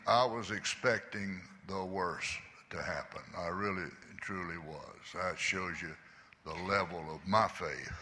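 A man's voice: fairly low pitch, pushed and bright. An older man, giving an earnest church testimony. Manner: earnest, confessional storytelling. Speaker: guest speaker giving testimony. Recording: echoey church hall.

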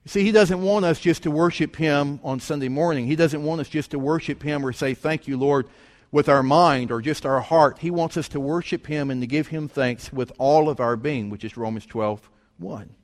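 A man's voice: fairly high pitch, moderate pace, hardly any pauses. A middle-aged man preaching a folksy, conversational storytelling sermon with rhetorical questions. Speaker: pastor. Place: church sanctuary. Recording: long church hall reverb.

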